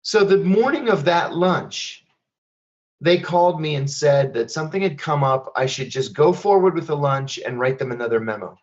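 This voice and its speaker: A middle-aged man giving a speech, telling his story in a measured, deliberate way with wry asides. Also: on the high side, lively intonation, muffled recording. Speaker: speaker at a public event.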